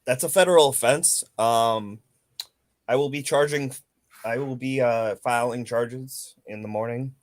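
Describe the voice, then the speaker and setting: A man's voice: mid-range voice, measured pace. A man on a livestream panel, asking blunt, pointed questions and joking around. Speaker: panel guest. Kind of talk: casual livestream chat.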